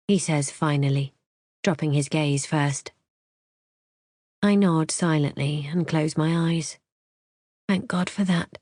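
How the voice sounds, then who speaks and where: A woman narrating a first-person audiobook thriller in a measured, tense storytelling manner. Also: low voice, fairly even intonation, dark tone, dry recording, clean studio sound.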